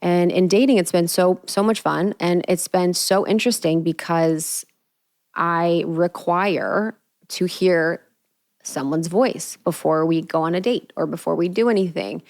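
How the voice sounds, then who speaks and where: A woman's voice: fairly low pitch, a little slow, a little mellow. A young adult woman hosting a solo podcast, talking in an earnest, spiritual, casual way with lots of "like.". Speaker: podcast host. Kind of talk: reflective solo podcast monologue.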